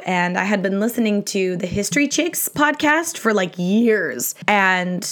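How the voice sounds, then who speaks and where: A woman's voice: mid-range voice, unhurried, few pauses, fairly bright tone. A young adult woman hosting a history podcast, answering listener questions in a casual, chatty way, laughing often and poking fun at herself. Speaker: podcast host. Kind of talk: casual Q&A chat.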